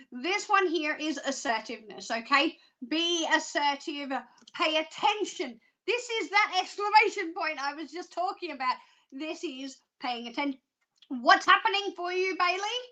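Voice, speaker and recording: A woman giving live psychic readings, chatty and excitable, rambling with fillers and restarts. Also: very high voice. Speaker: psychic reader.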